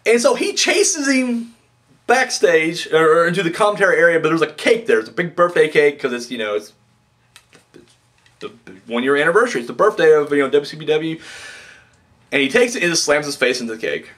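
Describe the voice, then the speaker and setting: A man talking through a wrestling show in a loose, rambling way, voice fairly high and leaping all over the place. He drops to a mutter, then bursts out loud and swears freely. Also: a little fast. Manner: excitable, rambling, profane, swings from mutter to outburst. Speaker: wrestling reviewer. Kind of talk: casual review monologue.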